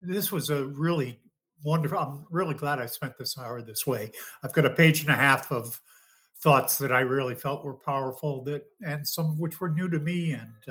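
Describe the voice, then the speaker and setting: A man's voice: medium pitch, a bit bright. A man from the book club, speaking in an enthusiastic, appreciative way. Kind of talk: casual online meetup chat.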